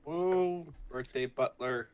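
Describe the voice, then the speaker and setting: A woman voicing a goofy deep-voiced alter ego who heckles her with deadpan quips from away from the mic. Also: slow, smooth, muffled recording. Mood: teasing.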